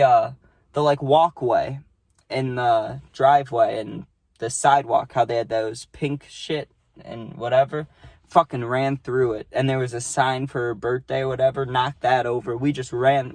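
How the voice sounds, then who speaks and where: A young storytime vlogger with a medium-pitched, slightly mellow voice, fairly even intonation, and measured pace tells a party story casually, with no room sound. He rambles loosely, swears a lot, and tags lines with "right?".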